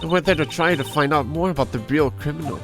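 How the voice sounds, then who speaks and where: A man's voice: a little high, fast, lightly acted. A man voicing a dramatic, doting middle-aged wife from a game, in a gushing, melodramatic manner. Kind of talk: reading game dialogue aloud. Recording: game music underneath.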